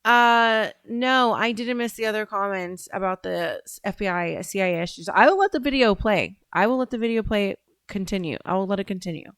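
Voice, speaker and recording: A woman's voice: medium pitch, a little fast, hardly any pauses, fairly bright tone, clean tone, no echo, studio quality. A woman hosting a casual commentary show, rambling with many fillers and restarts as she reacts to a video.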